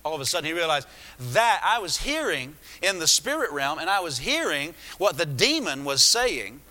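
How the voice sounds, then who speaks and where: A man's voice: fairly high pitch, sing-song, normal speed, bright, forceful tone. A man preaching a sermon, retelling a story with many restarts and asides. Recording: echoey hall.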